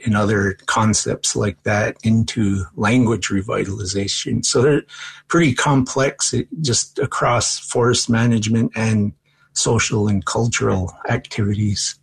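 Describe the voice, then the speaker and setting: A man with a husky, slightly low voice speaks in an interview about training future foresters. He talks in a thoughtful, measured way and pauses often with ums and uhs. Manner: thoughtful, measured, frequent fillers. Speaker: college forestry educator. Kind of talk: interview answers.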